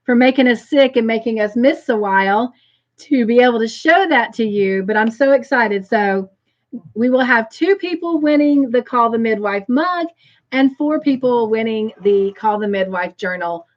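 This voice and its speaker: A woman hosting a crochet live stream, reading viewer comments aloud and gushing with excitement. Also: fairly high pitch, normal speed, dull audio.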